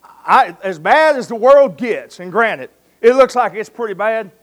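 A man's voice: high-pitched, expressive, measured pace. A man preaching a sermon, telling stories in a folksy way and calling his listeners friend and folks.

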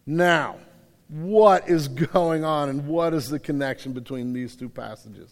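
A man preaching a sermon, reading scripture aloud and then retelling it in a conversational, animated way. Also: on the high side, unhurried. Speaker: pastor. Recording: hall reverb.

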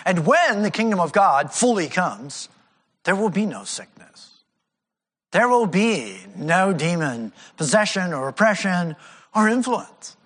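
A man preaching a sermon as a pastor, animated and acting out the people he quotes. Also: high voice, a little slow, long reverb tail.

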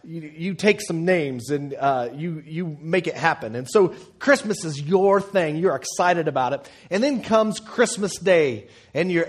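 Conversational pastor, a man with higher pitch. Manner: conversational, humorous, frequent fillers and restarts. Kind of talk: sermon. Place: church auditorium.

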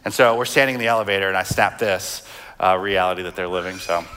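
A man's voice: sits low, fast talker, noisy background. Conversational man preaching a sermon. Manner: conversational, with many fillers and restarts, reading scripture aloud. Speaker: pastor.

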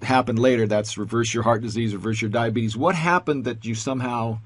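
A man's voice: mid-range voice, fairly quick. A man interviewing a guest, probing with several questions at once about her diet and health.

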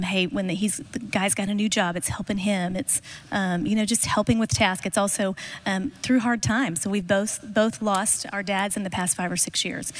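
Earnest woman sharing marriage advice. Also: mid-range voice. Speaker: co-teacher with her husband. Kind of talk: casual teaching talk.

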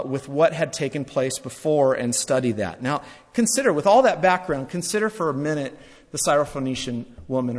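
Dramatic male preacher, very animated pitch, repeats lines for emphasis, long hall reverb. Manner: dramatic, swings between loud and hushed. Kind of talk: sermon.

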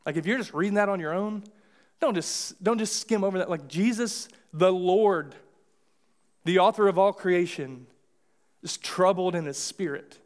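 A man's voice: high voice, normal speed. A man with an American accent preaching a sermon in a church, casual and conversational, with many restarts and acted-out asides. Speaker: pastor. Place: church sanctuary.

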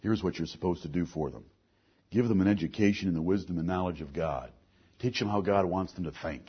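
Husky preaching man, dull recording. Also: sits low, brisk. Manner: earnest preaching with swings between soft and forceful. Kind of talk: sermon.

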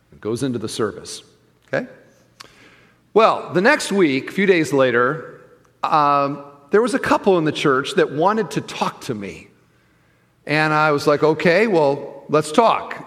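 A middle-aged male pastor telling a story in a sermon, animated and acting out the voices of the people he quotes. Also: fairly high pitch. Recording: long hall reverb.

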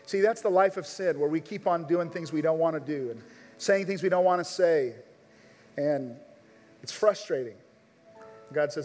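This pastor's voice is on the high side with a darkish tone and a moderate pace. He addresses his listeners directly with earnest, urgent appeals at a live service, recorded with the long reverb of a big church hall.

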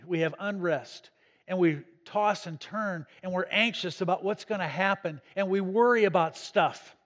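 A male pastor preaching a storytelling sermon, swelling to emphasis, in an echoey church. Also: a little high. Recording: echoey hall.

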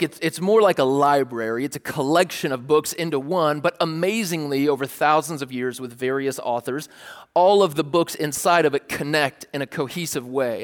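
A man preaching a sermon, animated, telling stories and acting out scenes with sudden outbursts. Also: on the high side. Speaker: pastor. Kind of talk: sermon with storytelling. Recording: long reverb of a large hall.

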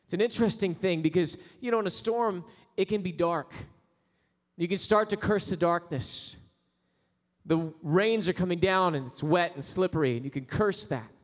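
Male pastor, high-pitched, preaching in a long-reverb sanctuary, swells into slow, loud prayer. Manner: builds to loud, slow, rising prayer passages. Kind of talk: sermon. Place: church sanctuary.

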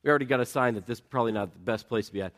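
A man preaching a sermon as pastor, in a conversational storytelling way with self-deprecating humor, getting lively as he tells anecdotes. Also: mid-range voice, rapid-fire. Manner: lively, rising when telling anecdotes.

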